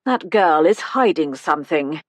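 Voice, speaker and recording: A woman voicing a polite, shrewd older lady who probes gently. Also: deep voice, lively intonation, measured pace, dry recording. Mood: probing. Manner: polite, probing.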